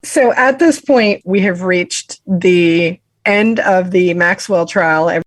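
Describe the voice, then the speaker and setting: A woman's voice: fairly low pitch, slow, no echo. A woman co-hosting a podcast, summarizing a criminal trial in a chatty, self-deprecating way. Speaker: podcast co-host. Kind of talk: casual true-crime discussion.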